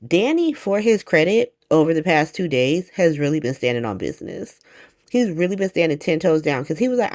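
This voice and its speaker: A woman recapping a soap opera in a casual vlog, talking in a slangy, profane, animated way. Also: sits low, moderate pace.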